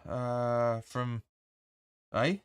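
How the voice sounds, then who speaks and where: Drawing out his words with little pitch movement, a man hosts a live match watch-along for a fan channel. His mid-range voice is clear and resonant as he gives blunt, opinionated, sweary commentary and reads out viewer comments, on a dry recording.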